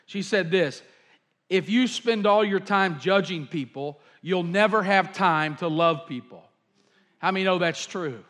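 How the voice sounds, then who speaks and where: Male pastor, high-pitched, fervent sermon delivery with fillers. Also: a little slow, fairly bright tone. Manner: fervent, repetitive preaching with fillers. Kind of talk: sermon storytelling.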